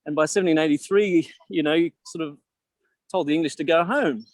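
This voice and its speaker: A man's voice: on the high side, brisk, no room sound. A man with an Australian accent guiding a live virtual tour, joking and asking his audience questions. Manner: chatty, jokey, asks the audience questions.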